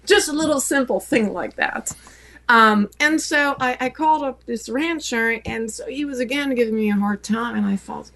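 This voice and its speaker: A middle-aged woman from France with a French accent, telling stories as an interview guest, lively and full of fillers and restarts. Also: a little high, normal speed, gravelly. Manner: animated storyteller, many fillers and restarts. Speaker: photographer guest. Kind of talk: storytelling interview.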